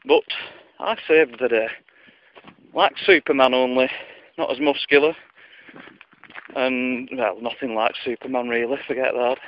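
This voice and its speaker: A man's voice: mid-range voice, measured pace, pauses often, a little hiss or hum. A man telling a solo ramble of corny jokes, chatty and mocking himself, on a dull lo-fi recording. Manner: self-mocking, chatty, groans at own puns. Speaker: joke teller.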